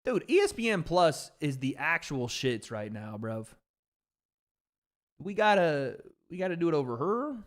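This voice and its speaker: Male streamer, lively pitch, unhurried, slangy, excitable. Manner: excitable, slangy, outbursts of frustration. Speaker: livestream host. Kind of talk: casual livestream chat.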